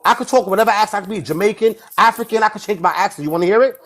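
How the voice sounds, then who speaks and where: A Puerto Rican man with a New York accent argues in long, rambling stretches full of restarts. He gets defensive and his slightly high voice jumps into shouts when he is pushed. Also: very fast. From Puerto Rico. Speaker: debate participant. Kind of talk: heated live online debate.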